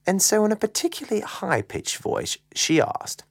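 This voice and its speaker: A woman telling a children's story in a slow, playful, very expressive way. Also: mid-range voice, slightly rough, no room sound, studio quality.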